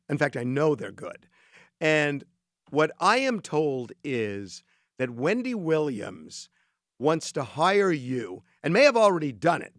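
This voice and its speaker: Slow, dry-sounding male co-host. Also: on the high side, fairly bright tone, no echo. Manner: slow, measured, laughs along and drops in short reactions. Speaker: podcast co-host. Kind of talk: casual chat. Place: podcast studio.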